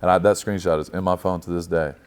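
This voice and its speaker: A man's voice: low voice, fast talker. A young man telling a story as a guest in a casual chat, swearing freely and acting out his own past lines. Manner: profane, animated storyteller.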